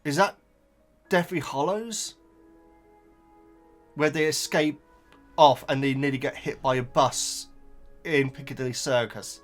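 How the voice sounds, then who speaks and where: A man's voice: fairly high pitch, steady tone, unhurried, pauses often, soft background music. A man hosting a book reaction video, chatting casually to viewers in a rambling way with frequent stammered repeats and asides.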